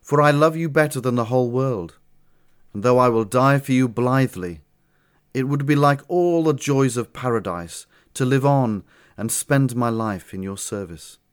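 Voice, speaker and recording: A man's voice: medium pitch, sing-song, moderate pace, no echo, clean studio sound, close to an everyday voice. A man playing an ardent young nobleman. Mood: passionate. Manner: earnest, impassioned declamation. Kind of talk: amateur audio drama acting.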